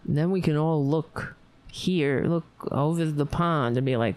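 An overtired woman hosting a livestream, rambling warmly to her viewers and signing off. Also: sits low, measured pace. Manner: rambling, emotional, talks to viewers. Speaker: livestream host. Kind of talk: casual late-night livestream sign-off.

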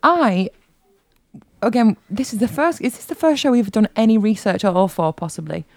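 Woman, podcast co-host, wry teasing chat, mid-pitched, dry recording. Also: normal speed, darkish tone, no room sound. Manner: wry, teasing, many fillers. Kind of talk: casual chat.

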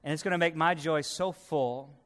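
A man pastor preaching a sermon emphatically, swinging from loud peaks to hushed, drawn-out lows. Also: in a large hall.

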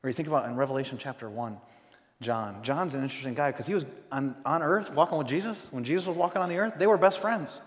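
A man preaching a sermon as pastor, conversational, swinging between loud emphasis and hushed moments, recorded in a church sanctuary. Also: mid-range voice, fast talker, big-room sound.

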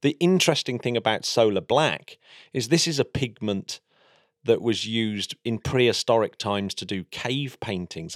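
A man's voice: mid-range voice, no room sound, studio quality. An English man talking enthusiastically in a casual science chat, explaining space engineering as a podcast co-host. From England.

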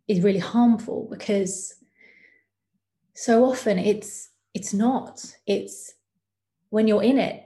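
A young adult woman speaking candidly as an interview guest, reflective and hesitant, with many pauses and ums. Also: mid-range voice, gravelly, warm tone. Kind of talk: candid personal interview talk.

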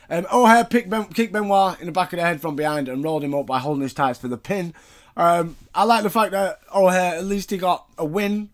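A man casually recapping a wrestling show, chatty and wry, swearing freely. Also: fairly high pitch. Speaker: podcast host recapping wrestling.

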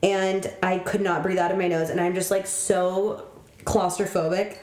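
A woman's voice: on the low side, little pitch movement, moderate pace, a little mellow. Chatty young woman in an echoey room. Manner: chatty, giggly storytelling with quoted asides. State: pregnant. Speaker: co-host. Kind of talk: casual chat.

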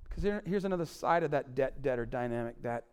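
A man in his forties preaching a sermon on marriage, swinging between loud emphatic lines and low quiet asides. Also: animated, quick pace, smooth. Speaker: pastor.

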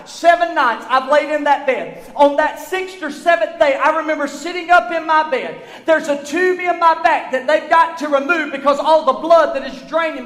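High-voiced fervent preacher in a hall. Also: male voice. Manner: fervent, rising to shouts. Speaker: pastor. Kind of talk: sermon. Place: church sanctuary. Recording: echoey church hall.

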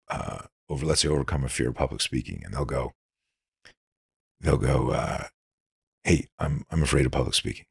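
A middle-aged man, a guest on a talk show, telling animated stories and acting out both sides of conversations in casual interview talk. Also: rumbling low, breathy edge, dry recording, clean studio sound. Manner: animated storyteller acting out dialogue. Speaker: podcast guest, self-defense instructor.

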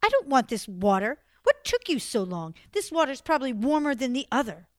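A spoiled young girl whining and demanding , as a woman storyteller plays her. The voice is fairly high, loud and complaining, heard up close in a dry recording. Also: huge pitch swings, a little slow, no echo, full character voice.

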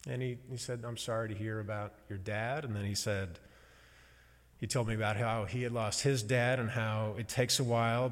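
A man giving a personal sermon in a slow, halting, emotional storytelling way, pausing often. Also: on the low side. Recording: long hall reverb.

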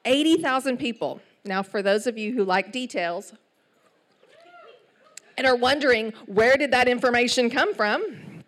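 A middle-aged woman with an East Texas accent, preaching a sermon in an animated storytelling way with asides. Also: on the high side, unhurried, long pauses. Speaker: church speaker.

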